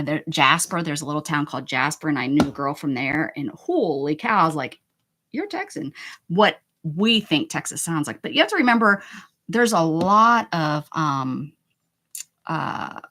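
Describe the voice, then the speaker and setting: A woman with a deep, slightly bright voice hosts a casual live stream, working on an art journal page while playfully chatting, joking, and exclaiming with viewers in the chat.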